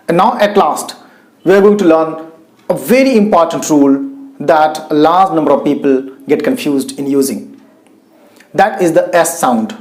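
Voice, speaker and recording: A man teaching pronunciation, saying words slowly in pairs to contrast right and wrong forms. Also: on the high side, a little mellow. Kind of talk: slow, deliberate pronunciation lesson. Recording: echoey room.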